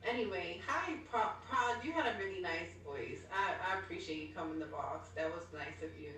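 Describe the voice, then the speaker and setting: A woman's voice: lowish voice, animated, fairly quick, fairly bright tone. A woman calling into a livestream, answering the host defensively and with annoyance. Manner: defensive, annoyed, calls him a weirdo. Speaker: livestream guest. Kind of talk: heated livestream back-and-forth. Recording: echoey, distant call-in audio.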